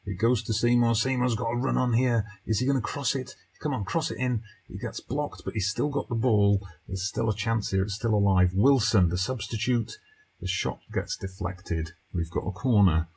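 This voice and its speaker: A man hosting a let's play, giving casual live commentary on a football management game and reacting to the highlights as they happen. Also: moderate pace, vocal fry, husky. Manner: animated, reacting to match highlights, talking to his players.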